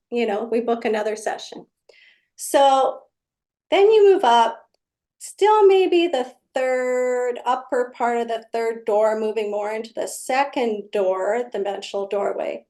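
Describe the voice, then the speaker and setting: A woman's voice: on the high side, unhurried, a little mellow. A woman energy healer explaining her work in casual conversation, telling client stories and acting out their exchanges. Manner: storytelling, acts out client exchanges.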